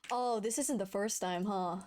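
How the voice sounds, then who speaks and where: A woman's voice: mid-range voice, moderate pace, a little mellow. A woman streamer chatting casually and giggling at her own old footage, self-mocking and full of exclamations. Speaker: VTuber streamer.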